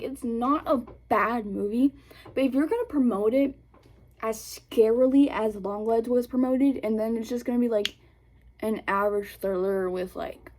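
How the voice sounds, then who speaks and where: A woman's voice: fairly high pitch, mellow. A young woman vlogger chatting casually about films, rambling with lots of fillers and giggles. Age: young adult. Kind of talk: casual chat.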